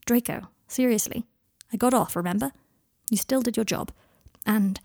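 A woman voicing an earnest, gentle young man who reassures with some hesitation, in a fan fiction reading. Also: on the high side, moderate pace, dry recording, clean studio sound. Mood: reassuring.

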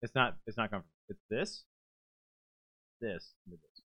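Lowish guy on a podcast, swears constantly, acts stuff out, super casual. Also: moderate pace, bright, forceful tone. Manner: swears a lot, acts out scenes he retells. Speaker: podcast co-host. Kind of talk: casual chat.

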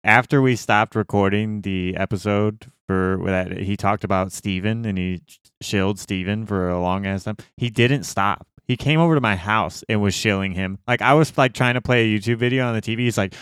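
A man's voice: fairly low pitch, normal speed, fairly bright tone, clear, resonant tone, no room sound, studio quality. A man co-hosting a podcast, wry and often laughing in casual banter. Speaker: podcast co-host.

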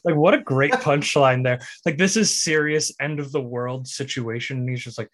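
A man's voice: mid-range voice, normal speed, hardly any pauses, a bit bright. A man co-hosting a podcast who casually talks through a film and sets up its clips. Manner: explains plot and sets up clips. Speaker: podcast co-host.

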